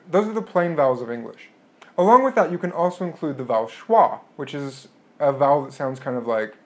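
A man's voice: fairly high pitch, sing-song. Man lecturing, modeling each vowel sound. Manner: clear and explanatory, modeling vowel sounds slowly. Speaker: linguistics lecturer. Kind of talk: recorded lecture.

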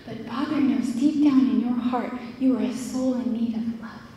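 A woman's voice: normal speed, warm tone. A young woman preaching an earnest sermon that builds to fervent appeals, recorded in a church. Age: young adult. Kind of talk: sermon with storytelling. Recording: echoey hall from far off, faint rumble.

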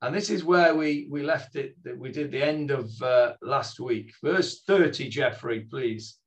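A man's voice: medium pitch, unhurried. A man leading an online Sunday morning scripture class over a video call, talking in a friendly, hesitant way with many fillers and restarts. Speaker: Bible teacher leading a class.

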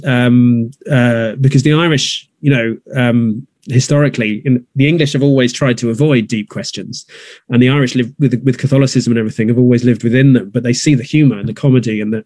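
A man's voice: mid-range voice, steady tone, brisk, darkish tone, dry recording. Thoughtful man talking theatre, dry sound. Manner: thoughtful, many restarts and fillers. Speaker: theatre producer. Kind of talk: conversational interview. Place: north of England.

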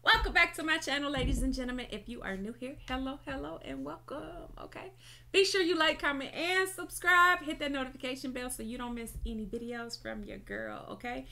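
A woman's voice: high-pitched, lively intonation, fairly quick, gravelly, sharp tone. Chatty sounding woman vlogger. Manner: chatty, says "y'all" and "okay" often. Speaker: reaction video host. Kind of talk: casual vlog chat to camera.

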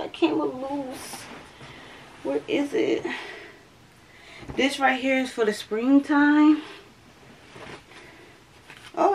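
Speaking in a fairly high voice over slight background noise, a young vlogger talks to her viewers from home in a chatty way. She's a bit breathless and repeatedly addresses them as "y'all."

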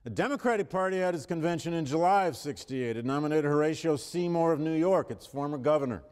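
This history professor's voice is a little high, quick, slightly mellow and clean in tone. Lecturing to university students in a big hall with lots of reverb, he stresses his points, fixes his own wording mid-sentence, gets louder on quoted passages, and coughs occasionally.

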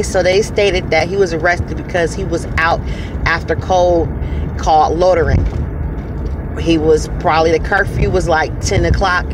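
A woman's voice: low-pitched, background noise. A woman giving an earnest motivational testimony, repeating phrases for emphasis. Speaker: speaker sharing her story.

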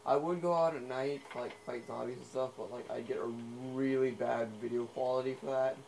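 A young man rambles through his gameplay commentary in a gravelly, creaky voice, stacking up fillers as he goes. The recording is noisy, with a steady hiss beneath his talk. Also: medium pitch, fairly quick. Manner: rambling, filler-heavy, easily sidetracked. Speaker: gamer.

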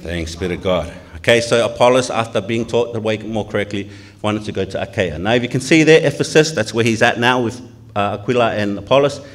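A male pastor from Tonga preaches a sermon in church with a lowish voice. He sounds earnest and keeps putting questions to the congregation. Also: brisk.

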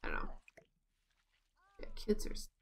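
A woman's voice: moderate pace, darkish tone. A woman streaming a life-sim game, talking casually and exclaiming and laughing often at what happens on screen. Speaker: gaming streamer. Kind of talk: casual live-stream commentary.

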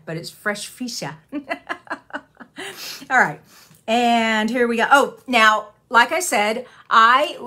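A woman's voice: fairly high pitch, sharp tone. A woman hosting a card-making channel, chatting casually and admiringly with many fillers as she shows cards. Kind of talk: casual craft show-and-tell.

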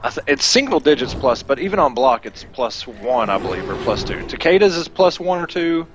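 A man giving play-by-play tournament commentary on a fighting game, analytical and quick to get excited at big moments. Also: mid-range voice, music in the background. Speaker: esports commentator.

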